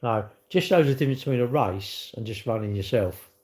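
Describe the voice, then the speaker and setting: A man's voice: mid-range voice, expressive, a little fast, darkish tone. Rambling, blunt man chatting live. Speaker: live-stream host. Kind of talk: casual live-stream chat, reading viewer comments.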